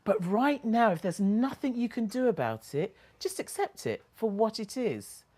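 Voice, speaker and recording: A woman, a motivational speaker, telling a personal story expressively. She moves between quiet reflection and animated laughter. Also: a little high, moderate pace.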